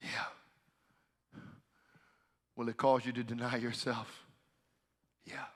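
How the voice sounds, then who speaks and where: A man preaching a sermon as pastor, swinging from hushed, quiet talk to loud, fervent shouting. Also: mid-range voice, flat delivery, slow pace, in a large hall.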